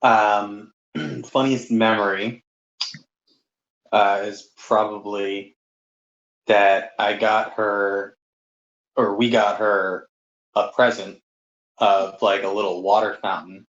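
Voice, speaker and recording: A man casually recalling a funny gift memory, hesitant at first, then quick. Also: on the low side, little pitch movement, a bit bright. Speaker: family friend sharing a memory. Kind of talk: casual storytelling. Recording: echoey room, dull sound.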